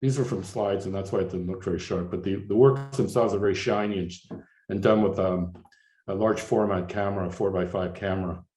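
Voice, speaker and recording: An older man from Canada walks an audience through his slides in a low voice, stopping and restarting often, his words padded with "uh" and "you know." The room is echoey, like a lecture hall. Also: steady tone, warm tone. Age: 60s. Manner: halting, many fillers and restarts. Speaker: artist giving a slide lecture.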